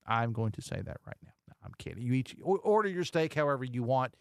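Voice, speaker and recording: A man's voice: medium pitch, a little fast, vocal fry, no room sound. A man hosting a casual call-in radio show from a studio, joking and reading listener texts aloud. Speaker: radio talk show host. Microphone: studio microphone.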